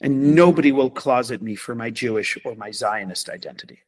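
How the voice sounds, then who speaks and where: A man's voice: mid-range voice, a little fast, darkish tone. A man, a podcast guest, speaking emphatically and passionately in a conversational interview, with repeated rhetorical questions.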